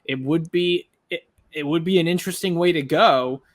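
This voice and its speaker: A man's voice: fairly high pitch, normal speed. A man co-hosting a reaction show, casually posing long, rambling questions to his co-host. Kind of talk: casual discussion.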